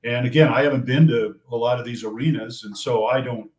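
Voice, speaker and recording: An older man, a sports play-by-play broadcaster, answering questions in a measured, thoughtful way, often restarting his phrases. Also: mid-range voice, darkish tone. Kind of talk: casual interview answers. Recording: roomy echo.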